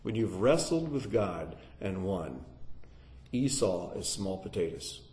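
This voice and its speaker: A deep-voiced man takes it slowly as he teaches a Bible lesson to a live audience in sermon style. He's animated and puts questions to his listeners, and the room sounds echoey.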